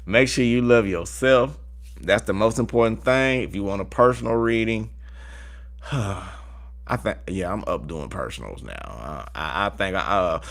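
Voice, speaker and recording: A man's voice: on the low side, pushed and bright. A man with a Southern US accent giving a casual tarot reading to his viewers and repeating affirmations in a chanting way. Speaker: tarot reader.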